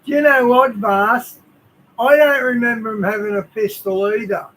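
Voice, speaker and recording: A man with a high, light voice who drops loud, casual comments into the talk. A faint hiss sits under the recording. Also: steady tone, normal speed.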